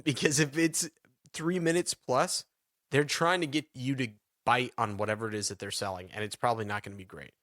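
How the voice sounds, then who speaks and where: Brisk and medium-pitched, this podcast co-host rambles through invented tales during a laid-back movie review chat, telling them animatedly and laughing along the way. The studio recording is clean, with no room sound.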